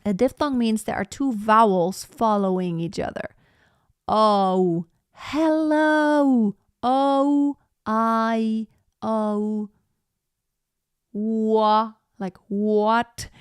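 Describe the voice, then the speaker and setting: A woman leads a live online singing class, speaking at an unhurried, deliberate pace. Her voice is smooth and resonant, sits a little high, and comes across dry and close. She stops now and then to sing a phrase and show the point. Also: no room sound. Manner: demonstrates by singing phrases, then explains calmly. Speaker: singing teacher.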